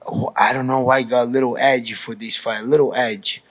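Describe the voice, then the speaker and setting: A man in his thirties from Brazil, speaking English with a Brazilian accent and a middle pitch. He answers reporters in a loose, candid way, circling back over his words and dropping a casual "bro". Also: level tone, fairly quick. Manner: casual, frank, restarts often, says "bro". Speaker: professional fighter. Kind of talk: pre-fight media interview.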